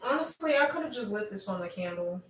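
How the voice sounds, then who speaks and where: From a room at home, a young woman hosts a casual livestream, chatting, laughing often and reading viewer comments aloud. Her strong voice carries some bass, sounds a bit bright and expressive, and comes fast. She sits far from her laptop mic, so the room echoes and there's a little hiss or hum.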